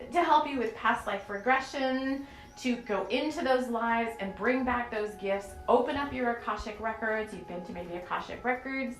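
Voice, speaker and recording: A woman hosting a spiritual podcast, talking in an earnest, rambling and emotional way with many fillers. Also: a little high. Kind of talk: channeled spiritual podcast talk. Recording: echoey room with soft music.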